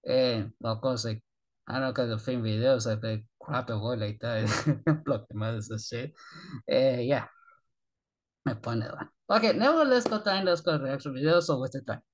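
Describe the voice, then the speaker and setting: An excitable man from Argentina rambles through a casual reaction commentary in broken English. His voice sits at an everyday middle pitch, and his talk is peppered with swearing. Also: moderate pace. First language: Spanish. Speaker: YouTube reaction channel host.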